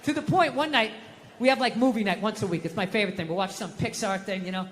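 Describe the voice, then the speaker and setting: A middle-aged man rants through a stand-up routine in a high, bright voice, swearing freely and sounding exasperated. His voice rings with long reverb across a live venue. Faint room ambience sits behind him. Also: fast talker, a little hiss or hum. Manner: ranting, profane, exasperated storytelling. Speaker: stand-up comedian. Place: live comedy stage.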